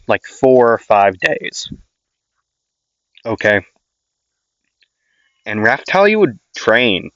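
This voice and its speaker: A man's voice: fairly low pitch, fairly bright tone, dry recording. A man casually improvising a fan story, rambling, self-deprecating and full of fillers. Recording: dull lo-fi dry recording.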